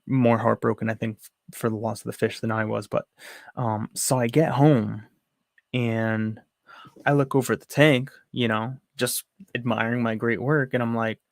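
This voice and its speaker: A man's voice: mid-range voice, gravelly, no room sound, studio quality. A young man telling a frustrated, rambling story in a casual home vlog. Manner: rambling, restarts, frustrated retelling. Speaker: aquarium hobby vlogger. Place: home room.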